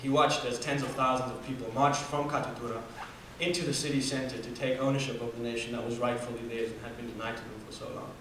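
A man's voice: medium pitch, level tone, fast talker, hardly any pauses, background noise. Young guy from namibia telling a story on stage, super echoey, mic far away. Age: 20s. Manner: earnest storytelling with fillers and restarts. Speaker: student speaker. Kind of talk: personal story talk.

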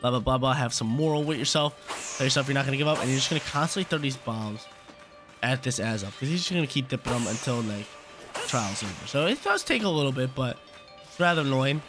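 A man's voice: medium pitch, lively intonation, fairly quick, over music. A young man casually commentating his gameplay as a channel host, laid-back and slangy, often repeating himself.

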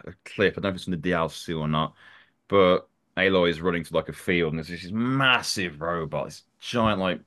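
A man, a voice actor, chatting in an interview in an animated, self-deprecating way, his voice swinging up and down. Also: sits low, fairly quick. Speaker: voice actor guest. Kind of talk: casual interview chat.

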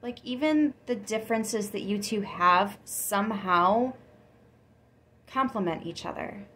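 Chatty excitable woman reading tarot. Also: mid-range voice, measured pace. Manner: chatty, excitable, gasps and laughs often. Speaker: tarot reader.

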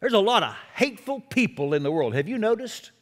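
High, lively-voiced male preacher. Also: brisk, in a large hall. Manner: expressive preaching with self-deprecating humor. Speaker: pastor. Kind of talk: sermon.

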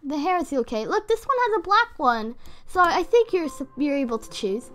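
A woman hosting a casual reaction video as a gaming YouTuber, excitable and rambling with lots of fillers. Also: high-pitched, moderate pace.

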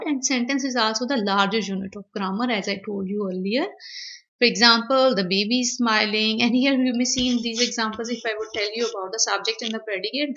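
Bright-voiced woman teacher. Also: fairly high pitch. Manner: explains step by step and repeats points. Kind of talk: grammar lecture. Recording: dull lo-fi recording.

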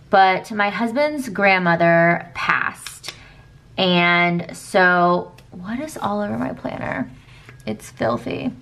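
A woman's voice: mid-range voice, gravelly, pushed and bright, a little hiss or hum. A young adult woman chatting casually as she plans, rambling with fillers and asides. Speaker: planner vlogger. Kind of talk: casual chat while planning.

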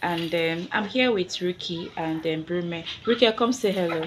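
A young Nigerian woman with a husky, slightly hoarse voice vlogging at home, chatting to her viewers while she coaxes and instructs her toddler. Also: lowish voice, moderate pace, heavy background noise. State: hoarse after a sore throat. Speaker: family vlogger and mother. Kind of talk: casual chat to camera. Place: at home indoors. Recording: background music under the voice.

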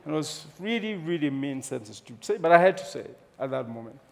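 A man's voice: a little high, quick pace, gravelly. Kenyan man telling a story on stage. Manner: humorous, animated storyteller. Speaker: speaker. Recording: long hall reverb.

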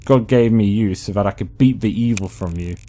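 A man's voice: lowish voice, a little fast, dark tone, natural voice. A man reading a sinister, coaxing inner voice. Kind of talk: reading game dialogue aloud.

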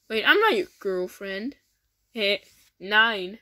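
A woman's voice: mid-range voice, expressive, takes it slowly, bright, forceful tone. A woman improvising a goofy comedy skit for her toy characters, rambling along with many false starts. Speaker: creator voicing toy characters.

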